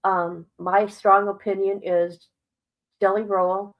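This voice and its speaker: A woman's voice: mid-range voice, flat delivery, takes it slowly, muffled recording. A middle-aged woman chatting casually on a live stream as a commentator, rambling and emotional, often breaking into exclamations.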